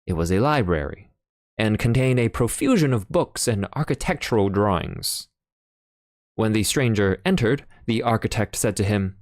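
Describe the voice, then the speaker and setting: A man's voice: lowish voice, animated, moderate pace, no room sound, clean studio sound. A man narrating an audiobook in a plain reading manner. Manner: plain reading with occasional fillers and restarts.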